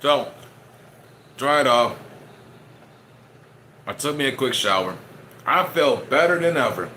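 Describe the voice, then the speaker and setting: A man's voice: mid-range voice, lively intonation, takes it slowly, sharp tone, a little hiss or hum. A man, streaming and chatting casually to his viewers, rambling and joking as he eats. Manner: rambling, joking, talks while eating.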